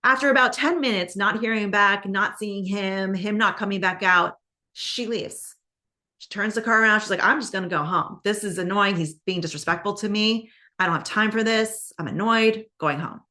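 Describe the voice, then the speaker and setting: A woman hosting a podcast, telling a true-crime story in a casual, chatty way with many fillers and quick acted-out quotes. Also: mid-range voice, sharp tone. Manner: conversational, many fillers, acts out quoted lines. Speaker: podcast host.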